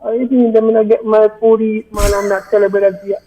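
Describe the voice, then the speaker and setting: A man's voice: high-pitched, flat delivery, fairly quick, background noise. A man with a Jamaican accent calling into a radio show, telling an insistent, heated story. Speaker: caller. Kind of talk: call-in radio chat. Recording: dull lo-fi phone-in line.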